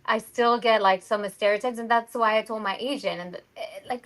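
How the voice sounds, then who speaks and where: At normal speed and in a fairly high voice, a Mexican actress chats casually as an interview guest, full of animation as she performs the voices she quotes. The recording is rough.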